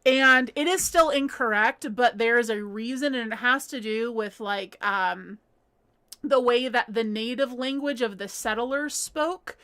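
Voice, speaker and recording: Host: woman from the US, high voice, chatty, laughs a lot while reading live chat at home. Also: measured pace, sharp tone. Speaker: livestream host.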